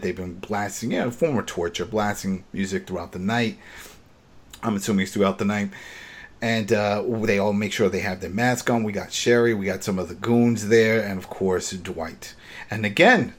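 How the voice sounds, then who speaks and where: A man hosting a podcast, casually recapping a TV episode in a rambling, opinionated way with many restarts. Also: fairly low pitch. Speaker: podcast host.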